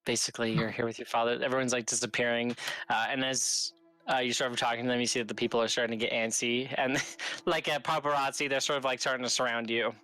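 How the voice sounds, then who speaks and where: Bright-voiced male game master. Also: medium pitch, level tone, quick pace, no echo. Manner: loose, rambling narration with many fillers. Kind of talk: narrating a tabletop game.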